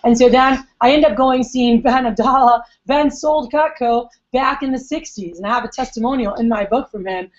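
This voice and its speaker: A woman's voice: fairly high pitch, moderate pace, few pauses. A young woman giving a chatty sales training talk at a meeting, telling stories and acting out what her customers said. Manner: chatty, acts out customer quotes. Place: meeting room. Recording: dull lo-fi recording.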